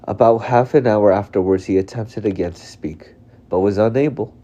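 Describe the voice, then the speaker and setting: A man reading a novel aloud live, unhurried and reflective, and openly emotional between passages. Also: on the low side, mellow. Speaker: reader. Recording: dull lo-fi recording.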